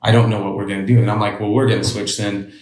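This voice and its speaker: A man's voice: lowish voice, little pitch movement, fast talker, a little mellow, roomy sound, low-quality recording. A man as an interview guest, telling a story casually and bluntly, with lots of swearing and quoted dialogue.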